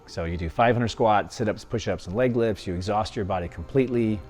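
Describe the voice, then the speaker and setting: A man, a former fighter, telling his life story in an interview, lively and often laughing as he acts out what others said. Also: lowish voice, a little fast, faint music behind.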